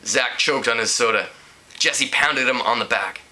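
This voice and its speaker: A man's voice: mid-range voice, moderate pace, bright, forceful tone. A man casually reading a novel aloud, amused, with small slips. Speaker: reader.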